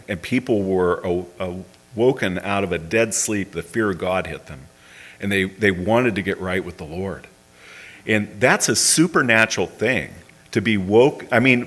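A man preaching a sermon, telling a revival story in an earnest, halting way with many fillers, then closing in prayer. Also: fairly low pitch, a bit bright.

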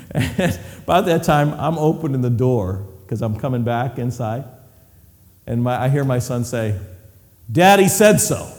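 A middle-aged male pastor preaching an animated sermon, acting out voices and laughing often as he tells stories. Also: medium pitch, measured pace, big-room sound.

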